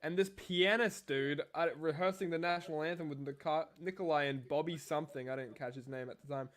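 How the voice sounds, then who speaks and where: A man's voice: a little high, brisk, fairly bright tone. A young man co-hosting a wrestling review podcast, rambling and swearing in casual chat. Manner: profane, rambling, jokey. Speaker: podcast co-host.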